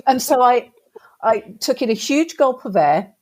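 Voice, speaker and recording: A British woman spinning a comic tale for an interviewer, her voice a bit higher than most and swooping up and down as she acts out each quote. She talks with a storyteller's energy, trying on other people's voices as she goes. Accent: British English. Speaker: guest.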